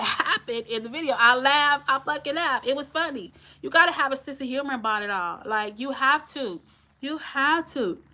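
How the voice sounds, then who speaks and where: A woman's voice: medium pitch, bright, forceful tone. A woman in her forties hosting a live stream, talking bluntly and straight to her viewers. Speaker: channel host.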